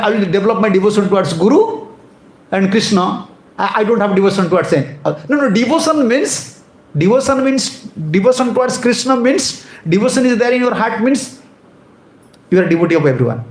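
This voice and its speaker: High, gravelly preacher. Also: male voice, reverberant, rough recording. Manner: emphatic, repeats and restarts phrases. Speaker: monk preacher. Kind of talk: devotional sermon.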